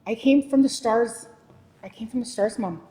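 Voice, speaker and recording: A woman voicing an earnest, wide-eyed little boy in a high, eager child's voice. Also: normal speed, dark tone, natural voice. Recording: long hall reverb.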